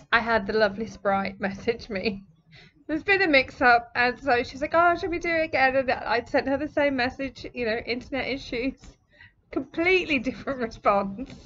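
A woman's voice: a little high, fairly bright tone, highs cut off, slight background noise. A woman hosting a podcast, telling a story in a casual, chatty way and laughing often. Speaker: podcast host. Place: home near the sea, indoors.

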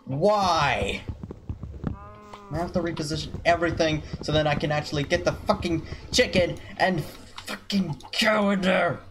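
At a moderate pace and medium pitch, a let's-play gamer curses nonstop while complaining about the animals in the game. Keyboard clicks make the recording noisy.

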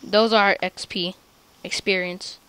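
Bright-voiced playful woman gaming. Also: medium pitch, slow, smooth, rough recording. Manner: playful, excitable, bossy guide to a new player. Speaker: gameplay host. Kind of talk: casual gaming chat.

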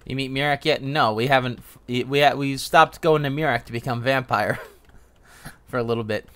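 A young man streaming a game, giving casual, joking commentary with excitable outbursts. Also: mid-range voice, normal speed.

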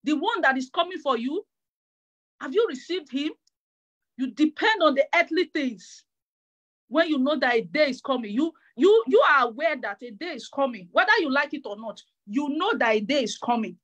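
Fervent high-voiced woman preacher. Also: lively intonation, moderate pace, muffled recording. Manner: fervent, repeats phrases, stammering restarts. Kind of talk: sermon.

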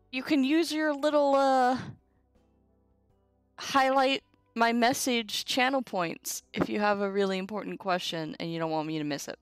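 A young woman with a fairly high voice teaches a casual Latin lesson on a livestream, chatty and informal, tossing in asides to her chat. There's no echo on her voice.

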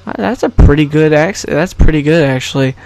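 A man's voice: fairly high pitch, normal speed, a little mellow, no room sound. A man giving casual, rambling and jokey commentary over a baseball video game. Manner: rambling, jokey, self-correcting. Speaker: gaming YouTuber.

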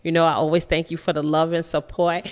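A woman's voice: deep voice, level tone, a little fast, big-room sound. A woman hosting a call-in talk radio show, who talks emphatically, repeats her phrases and laughs easily.

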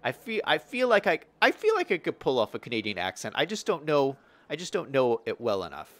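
With no room sound, a young Western US man speaks a little high and a little fast as he streams a city-building game. He's chatty and animated, reading viewers' comments aloud and filling his talk with fillers and restarts.

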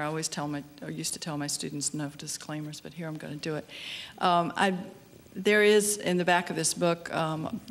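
An older woman poet giving a poetry reading, slow and measured, dropping to a hush at times. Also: sits low. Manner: slow, measured reading with soft, hushed passages.

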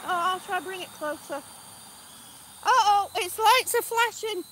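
High bright-voiced lady vlogging outside, out of breath, laughing a lot, slow, faint outdoor hum. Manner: excited, laughing often. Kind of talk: casual live vlog.

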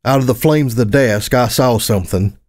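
A man's voice: mid-range voice, brisk. Man narrating a gritty story aloud. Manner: gritty, expressive, with casual swearing. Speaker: audiobook narrator. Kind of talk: first-person story narration.

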